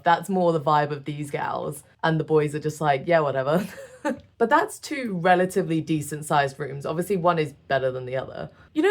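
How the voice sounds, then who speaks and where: A young British woman chatting casually through a game build, self-deprecating and quick to laugh. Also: on the low side. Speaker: gaming creator.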